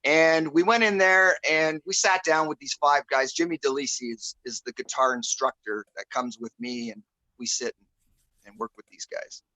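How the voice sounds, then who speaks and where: A male guest musician telling a story in a casual, rambling way, full of fillers and pauses as he searches for words, over a video call. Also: fairly high pitch, sharp tone, no room sound, rough recording.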